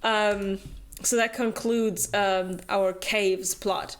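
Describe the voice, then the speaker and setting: A woman's voice: medium pitch, steady tone, extremely slow, a little hiss or hum. Young woman chatting through a book summary, lots of um and like, playful voices for the characters. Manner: chatty, filler-heavy, acts out character quotes with laughs. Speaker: book club host summarizing a novel. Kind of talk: casual chat.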